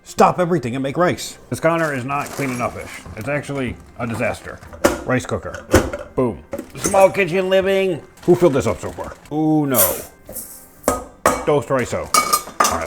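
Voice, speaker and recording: A man's voice: medium pitch, lively intonation, moderate pace, heavy background noise. A man chatting casually to himself while cooking in a small home kitchen, goofy and full of silly sound effects.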